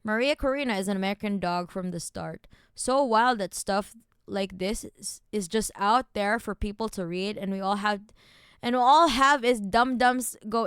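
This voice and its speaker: A woman streamer reading documents aloud and ranting at them, angry and profane, shifting between low muttered reading and loud outbursts. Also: normal speed, clear, resonant tone, dry recording, clean studio sound.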